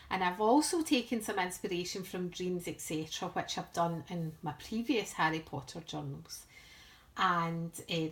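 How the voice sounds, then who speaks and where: A woman from the United Kingdom chatting through a craft project in a casual, rambling, self-deprecating way. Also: fairly low pitch. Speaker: craft vlogger. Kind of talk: casual craft show-and-tell.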